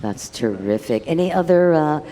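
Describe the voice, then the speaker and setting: A woman's voice: deep voice, expressive, normal speed, mellow. A woman hosting a live cooking demo at a festival, upbeat and full of praise. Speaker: festival stage host. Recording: hall reverb, faint noise.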